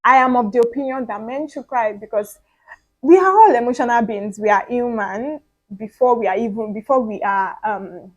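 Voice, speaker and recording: A young woman with a fairly high voice hosts her own podcast, talking at normal speed in a casual solo monologue. She addresses her audience earnestly, with frequent fillers and repeated words, and the recording is muffled.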